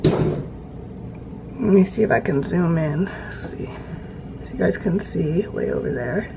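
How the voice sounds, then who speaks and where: A woman's voice: on the low side, lively intonation, slow, vocal fry, background noise. A thirty-year-old woman chatting to the camera in a casual home vlog, narrating her day and coaxing her toddler along. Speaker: vlogger and mother. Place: family home indoors.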